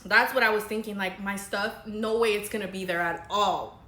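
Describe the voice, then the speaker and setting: A woman's voice: mid-range voice, steady tone, normal speed, pushed and bright, echoey room, a little hiss or hum. A young woman, a makeup artist, telling a dramatic story in casual, chatty vlog style. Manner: chatty, dramatic, says girl a lot.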